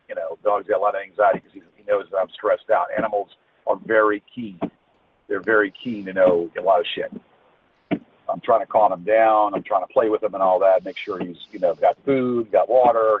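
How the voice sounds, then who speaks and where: A man on a phone call, ranting angrily with heavy swearing and stammered restarts. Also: lowish voice. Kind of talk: heated phone conversation. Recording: tinny phone line with faint noise.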